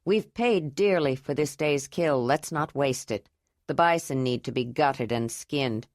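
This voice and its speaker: A practical male cave leader gives firm orders, as a woman narrator drops her voice to play him. He sounds low and steady, close and dry. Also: measured pace, no room sound. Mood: commanding. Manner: firm, commanding.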